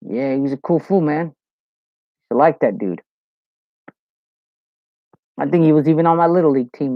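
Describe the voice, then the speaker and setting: A man's voice: on the high side, no room sound. A man hosting a live Q&A, chatting loosely and profanely, telling stories and reading viewer comments. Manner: loose, profane, storytelling with lots of "you know". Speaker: host of a live Q&A show. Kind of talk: casual livestream chat, reading viewer comments. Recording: dull lo-fi, dry sound.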